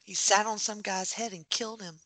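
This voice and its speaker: Woman podcast co-host, bright punchy voice, playful quick comments, dry close sound. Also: medium pitch, steady tone, no echo. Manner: playful, quick reactions, laughs often. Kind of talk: casual movie watch-along chat.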